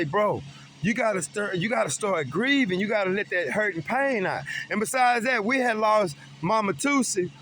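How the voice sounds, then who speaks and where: Middle-aged man, earnest and emphatic, high bright voice, faint vehicle noise behind. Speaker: vlogger. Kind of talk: personal talk about grief.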